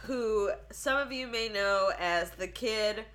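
A woman's voice: mid-range voice, slow, fairly bright tone. A woman co-hosting a casual true-crime podcast, reading out case notes and joking and laughing between the facts. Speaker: podcast co-host.

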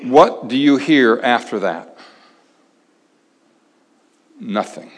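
A man preaching a sermon in a conversational way, pausing dramatically and dropping his voice very low for emphasis. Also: expressive. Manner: conversational, dramatic pauses, drops to near-whisper for emphasis. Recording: long reverb of a large hall.

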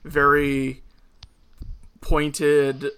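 A man chatting casually on a podcast with a bright, forward voice. He jumps in with quick agreement and easy asides. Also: a little high, completely flat delivery, clean tone. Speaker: podcast co-host. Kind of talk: casual chat.

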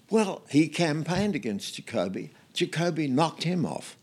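An older Australian man, a guest in an interview, telling anecdotes in a relaxed way with many fillers and restarts. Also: on the high side, unhurried, slightly rough.

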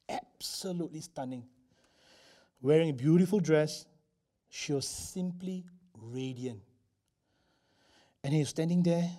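A man telling a sermon story in an animated way, often checking in with the listeners. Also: fairly high pitch. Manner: animated, checks in with frequent "okay?". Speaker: preacher.

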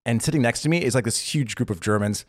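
A man's voice: medium pitch, fast talker, no echo. A man co-hosting a casual podcast, talking loosely with lots of fillers and restarts and laughing often. The recording is dry and close, with no room sound. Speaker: podcast co-host. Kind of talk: casual chat.

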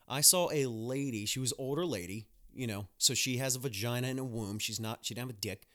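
Young male podcast host, mid-pitch, casual monologue, crude and blunt. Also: brisk, fairly bright tone. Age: young adult. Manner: blunt, profane ranting with mocking asides.

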